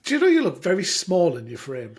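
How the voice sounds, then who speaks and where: A man's voice: sits high, huge pitch swings, brisk. A man co-hosting a podcast in casual chat, teasing with dry jokes. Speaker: podcast co-host.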